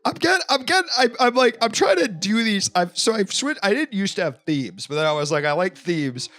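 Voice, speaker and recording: A man's voice: high-pitched, big pitch swings, a little fast, fairly bright tone. A man hosting a call-in talk stream, chatting casually with lots of fillers and restarts. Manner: rambling, many fillers and restarts. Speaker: host. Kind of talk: casual chat.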